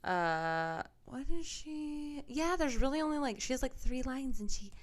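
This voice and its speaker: A woman's voice: high-pitched, sing-song, a little slow. A young adult woman co-hosting a podcast, casually recapping a movie plot in easy conversation. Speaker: podcast co-host. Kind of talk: casual chat.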